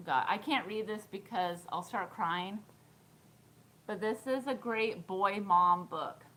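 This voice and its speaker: A woman's voice: mid-range voice, takes it slowly, sharp tone, low-quality recording. A woman in her thirties chatting casually on a live stream, giggling often and answering viewer comments. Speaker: thrift vlogger.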